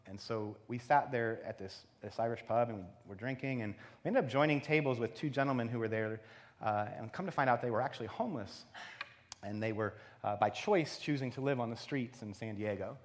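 A man preaching, telling a personal story in an intimate way and dropping to a hush for quoted prayer. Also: medium pitch, fairly quick. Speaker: pastor. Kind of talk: sermon storytelling. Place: conference venue.

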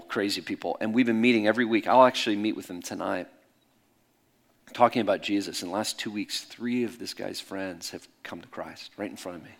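A middle-aged man preaching in a candid, conversational way, swinging between loud bursts and soft hushed asides. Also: on the low side. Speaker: pastor. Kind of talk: sermon storytelling.

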